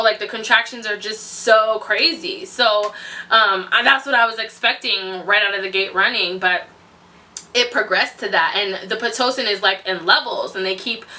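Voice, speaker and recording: Bright, animated woman vlogger. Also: a little high, recorded from a distance. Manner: animated, laughs often, acts out quotes. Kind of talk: casual storytelling.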